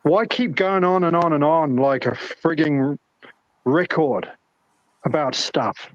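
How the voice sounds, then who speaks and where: A man with a New Zealand accent argues in an online voice chat, exasperated and given to repeating himself. His voice sits fairly high for a man, and the sound is dry, with no room around it. The audio is dull and lo-fi. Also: takes it slowly, no room sound.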